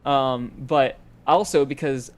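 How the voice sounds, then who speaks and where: A man's voice: mid-range voice, fairly even intonation, slow. Rambling young man telling a story. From Boise, Idaho. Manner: rambling storyteller, laughs often. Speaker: podcast co-host. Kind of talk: casual chat.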